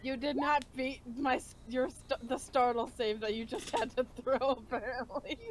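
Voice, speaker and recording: A woman's voice: sits high, steady tone, normal speed, slight background noise. A woman playing a tabletop game over voice chat, giggling and rambling, with casual swearing. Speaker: player.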